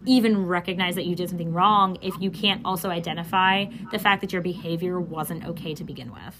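A young woman with a Philadelphia accent hosting a casual podcast, sassy, swearing and animated, recorded on a phone next to her computer. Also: fairly low pitch, a little fast, background noise. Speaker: podcast host. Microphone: phone beside computer.

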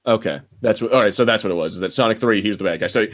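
A man's voice: fairly low pitch, racing. A man co-hosting a podcast, rambling and joking with casual swearing. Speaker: podcast co-host.

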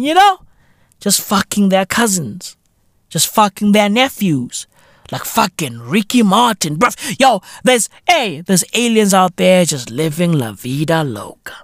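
A podcast host in their thirties, ranting comedically and profanely, breaking into loud outbursts. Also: medium pitch, dry recording, clean studio sound. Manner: profane, animated, bursts into shouts. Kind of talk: comedic solo podcast rant.

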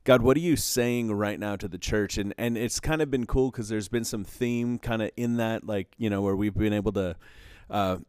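Podcast host guy, low voice, eager "come on" type, dry sound. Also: smooth, dry recording. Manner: warmly affirming, quick to say "come on" and "wow". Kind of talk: interview conversation.

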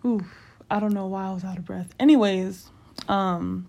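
A woman's voice: mid-range voice, steady tone, moderate pace, gravelly, dark tone. A young woman hosting her own casual podcast, rambling and chatty with lots of fillers. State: slightly out of breath. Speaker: podcast host. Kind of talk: casual solo podcast chat.

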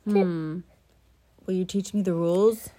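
A solitary female dragon who keeps to her tower, with a woman reading her part speaks in a lowered, unhurried voice. Her lines come out plain and matter-of-fact, like improvised bedtime play. The sound is dry and close, with no room echo. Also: fairly even intonation, mellow, natural voice. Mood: warming. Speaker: parent joining a child's made-up story.

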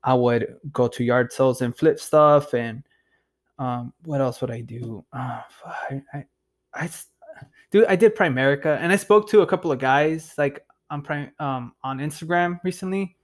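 A man's voice: mid-range voice, normal speed. Casual young man telling a story. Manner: loose, profane, rambling with lots of fillers and "dude". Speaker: podcast host.

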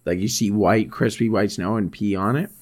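A man's voice: lowish voice, moderate pace, darkish tone. A man co-hosting a podcast in casual chat, laid back, telling crude anecdotes and chiming in. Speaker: podcast co-host.

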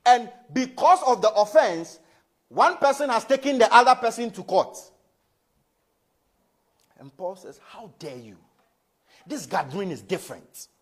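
A man preaching a sermon in a church. He swings between loud emphasis and quiet asides and keeps asking the congregation questions. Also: sits high. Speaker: pastor.

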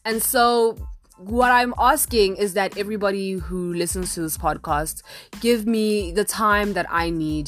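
A woman's voice: mid-range voice, measured pace, a bit bright, soft background music. Chatty young woman podcasting solo. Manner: chatty, dramatic, lots of "like" fillers. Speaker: podcast host. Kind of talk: casual solo podcast chat. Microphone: phone app recording.

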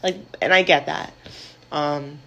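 A young woman with a creaky, gravelly voice hosts a casual solo podcast. She talks frankly and loosely, with lots of filler words and swearing. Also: low-pitched, steady tone, slow, a bit bright, muffled recording. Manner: candid, chatty, swears freely, says "like" a lot. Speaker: podcast host.

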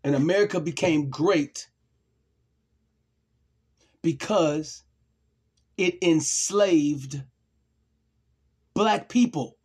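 A man talking to his viewers in an emotional monologue, tearful and clearing his throat, slow and emphatic, repeating his phrases. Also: fairly high pitch, a little mellow. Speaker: vlogger.

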